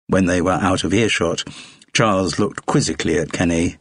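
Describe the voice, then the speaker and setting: A husky, deep-voiced male audiobook narrator reads a script at normal speed. The sound is clean studio audio with no room sound.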